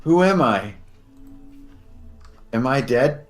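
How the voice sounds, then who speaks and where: A man's voice: medium pitch, expressive, slow, faint music behind. A man voicing a frightened nine-year-old boy just brought back to life, stammering out confused questions. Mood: bewildered.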